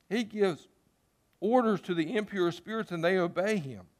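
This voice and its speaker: A man's voice: high-pitched, normal speed. A man preaching a sermon as pastor, talking conversationally and putting rhetorical questions to his listeners.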